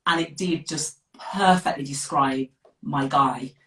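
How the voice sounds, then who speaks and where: Low-voiced Brummie woman, echoey and distant. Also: a little slow, fairly bright tone. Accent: Birmingham. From West Midlands of England. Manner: chatty and direct, laughs easily. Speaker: guest author. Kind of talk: casual live interview. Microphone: video call. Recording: echoey room, distant from the mic.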